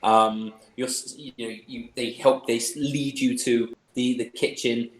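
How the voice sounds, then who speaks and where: A man's voice: mid-range voice, fairly even intonation, unhurried, reverberant, rough recording. A man running a tabletop game, describing the scene in a rambling, chuckling way. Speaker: game master.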